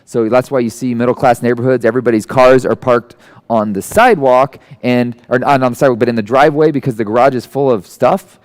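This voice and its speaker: A man giving a conversational sermon who tells stories and acts out the people in them with sudden jumps into a high voice. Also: fairly even intonation, quick pace, smooth. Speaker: guest speaker. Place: church hall.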